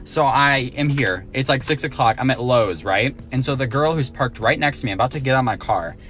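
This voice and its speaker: Brief: man, mid-pitched, wry and dramatic story time. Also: brisk, a bit bright, faint music behind.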